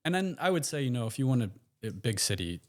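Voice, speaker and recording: An American man, a podcast guest, telling stories in a relaxed, rambling way with plenty of fillers and restarts. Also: medium pitch, quick pace. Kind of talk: casual interview storytelling.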